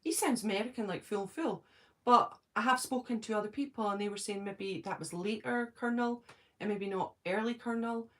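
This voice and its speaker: A woman's voice: medium pitch, fairly bright tone. A Scottish woman chatting casually on a live stream from her home, answering viewers' comments by name and thinking aloud. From Scotland.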